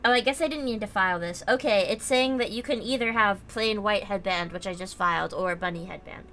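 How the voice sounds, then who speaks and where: Bright-voiced chatty young woman streamer. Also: medium pitch, fairly quick, a little hiss or hum. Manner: chatty and rambling, reads chat aloud, many "like" fillers. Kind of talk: casual livestream chat while building a model kit. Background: faint background music.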